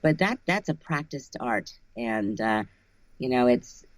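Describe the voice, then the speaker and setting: A woman's voice: very deep voice, expressive, a little slow, no echo. A woman who narrates audiobooks, talking casually in an interview, thoughtful and often restarting her phrases.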